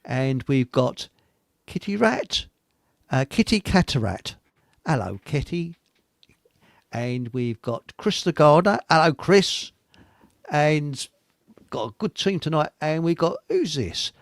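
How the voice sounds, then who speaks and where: Male radio host, middle-aged, rambling joker, slightly high voice, dry sound. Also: animated, slow pace, long pauses, no room sound. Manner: chatty, rambling and jokey, laughs at his own lines. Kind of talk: live online radio chat show.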